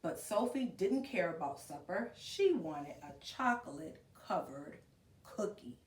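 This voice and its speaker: A woman's voice: lowish voice, sing-song, unhurried. A woman reading a storybook to young children and leading them through movement exercises, counting aloud and coaxing them along. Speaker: preschool teacher reading aloud. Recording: roomy echo from a distant camera.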